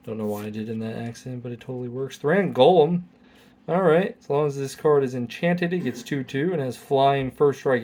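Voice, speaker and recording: A man's voice: medium pitch, darkish tone. Man reading cards aloud with wry asides. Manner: reads card text aloud with wry asides. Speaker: channel host. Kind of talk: casual card-opening commentary.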